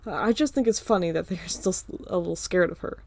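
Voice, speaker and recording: A woman's voice: fairly low pitch, expressive, quick pace, creaky, darkish tone. A woman voicing an anxious teenage older brother who mumbles nervously.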